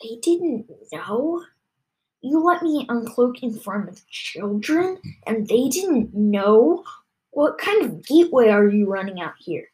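A woman's voice: a little high, big pitch swings, slow pace, dark tone, low-quality recording. A woman doing a scornful reptile alien mother. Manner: cold, contemptuous, clipped. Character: towering scaly female reptile alien mother, bitter and haughty.

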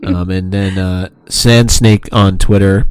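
Low-voiced man co-hosting a podcast. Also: fairly even intonation, slow pace, smooth, dry recording. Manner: laid-back, reads listener tweets aloud. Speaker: podcast co-host. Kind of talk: casual podcast chat.

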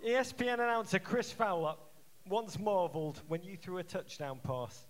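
A man's voice: sits high, normal speed. A man co-hosting a live comedic show, playful and theatrical as he questions a guest. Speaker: co-host. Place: live stage before audience.

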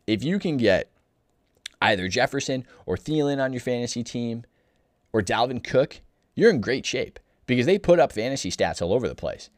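A man delivering a blunt, opinionated sports talk monologue, exasperated and animated, often restarting his sentences. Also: mid-range voice, moderate pace, dry recording, clean studio sound. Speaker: sports commentator.

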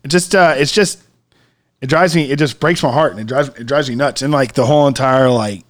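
A man's voice: mid-range voice, fairly quick. A young man co-hosting a podcast in casual chat, rambling with lots of fillers and swearing. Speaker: podcast co-host.

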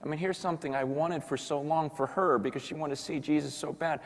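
A man, a pastor, preaching a sermon and telling a story in quoted voices, swinging from hushed to loud. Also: a little high, steady tone, quick pace. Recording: long hall reverb.

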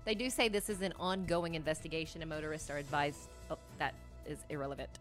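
A woman's voice: low voice, steady tone, fast, soft background music. A woman on a morning show reading local news items between casual banter.

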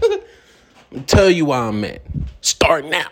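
A man's voice: fairly high pitch, sing-song, slow, pauses often, slightly rough. A man hosting a ranting vlog segment, talking in a profane, drawling way while smoking. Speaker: vlog host.

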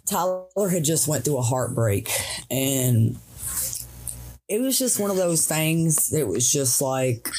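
A woman speaks as an interview guest, raw and earnest. Her pace drags and then rushes as she talks. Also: low voice, lively intonation, warm tone, slight background noise. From Tennessee, USA. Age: 40s. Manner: earnest, raw, slows and speeds while recounting grief. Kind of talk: emotional personal interview.

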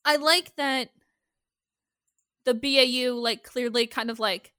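Woman, podcast co-host, casual chat, bright tense tone, heavy swearing, emphatic. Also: on the high side, unhurried, clean tone. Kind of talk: casual chat recapping a TV show.

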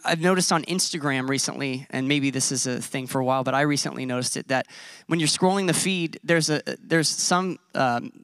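A man's voice: mid-range voice, fairly bright tone, no echo, studio quality. A man in his thirties preaching a sermon as a pastor, conversational and self-deprecating. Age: 30s.

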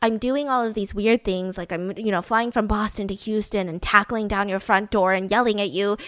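A woman's voice: mid-range voice, fairly even intonation, normal speed, a bit bright, dry recording, lightly acted. Lady doing a bossy creepy husband, blunt, dry sound. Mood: domineering. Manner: blunt, domineering. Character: menacing paranoid middle-aged husband.

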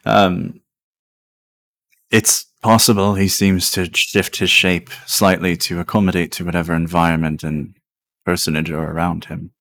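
A man with a very low voice narrates a tabletop game as its game master. He describes creatures in a laid-back, unhurried way and laughs often. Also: a bit bright.

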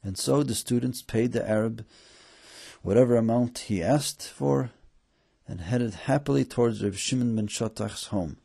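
A man's voice: moderate pace, creaky, slightly rough. A man narrating a story in storybook style, raising his voice for the characters' lines. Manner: voices characters with lifted excited pitch.

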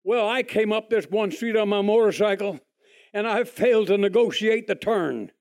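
Folksy high-voiced man. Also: moderate pace. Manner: folksy, animated, acts out other people's lines in a higher voice. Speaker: speaker giving a testimony. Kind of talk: testimony storytelling.

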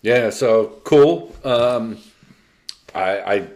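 A man's voice: mid-range voice, extremely slow, a little mellow. Easygoing man in his fifties. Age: 50s. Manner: easygoing, quizzes his co-host. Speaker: podcast co-host. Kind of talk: casual chat.

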